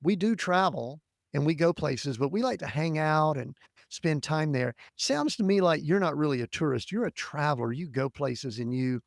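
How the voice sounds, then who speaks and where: A man's voice: fairly high pitch, lively intonation, normal speed, gravelly, dry recording, clean studio sound. A man hosting a podcast interview, reflecting on and paraphrasing what his guest says. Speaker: podcast host. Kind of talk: interview conversation.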